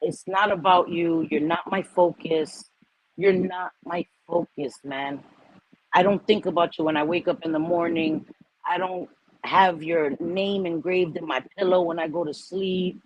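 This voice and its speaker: A woman hosting a casual livestream chat, animated and swearing freely as she acts out what she tells herself. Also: on the low side, a little slow, breathy edge, dull audio. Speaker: host.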